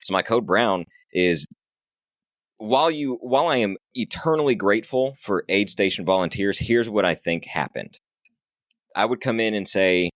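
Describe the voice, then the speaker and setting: A man's voice: sits low, a little slow, a bit bright, dry recording, studio quality. A man, a podcast guest and ultrarunner, telling a story casually, acting out quoted dialogue and swearing now and then.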